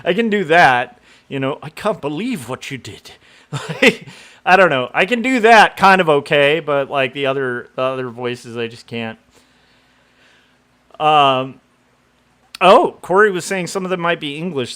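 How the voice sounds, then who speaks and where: A man's voice: on the high side, sharp tone, clean tone. A middle-aged man from Southern California chatting casually on a livestream, rambling with lots of fillers and laughing at himself. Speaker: comic artist streamer.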